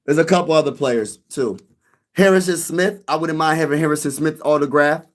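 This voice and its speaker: Animated man hosting a sports live stream. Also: on the high side, fairly quick. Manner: animated, repeats himself, addresses chat directly. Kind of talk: casual live stream chat with viewers.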